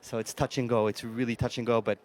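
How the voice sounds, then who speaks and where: A man's voice: mid-range voice, flat delivery, fast, a little mellow, a little hiss or hum. A man reports live from an outdoor tennis court. He describes the scene in loose running commentary, restarting phrases as he goes.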